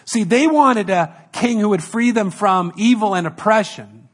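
Male pastor, sermon, emphatic, repeats phrases, slightly higher voice. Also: unhurried. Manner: emphatic, repeats key phrases, acts out quoted dialogue.

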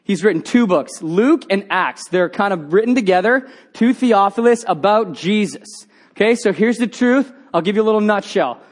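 A man preaching a sermon, telling a story with lively quoted voices. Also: high voice. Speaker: pastor.

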